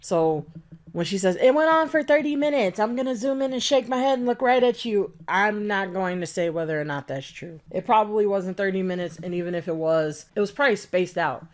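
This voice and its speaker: A woman delivers a heated reaction rant in her own voice, with a middle pitch. She is indignant and sarcastic, swinging from mocking impressions to flat scolding. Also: brisk. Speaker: commentary YouTuber. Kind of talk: ranting reaction commentary.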